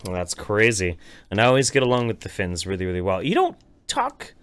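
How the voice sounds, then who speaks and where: A man's voice: sits low, quick pace, fairly bright tone, smooth, dry recording. A man hosting a live-streamed podcast, chatting casually and laughing easily. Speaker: podcast host.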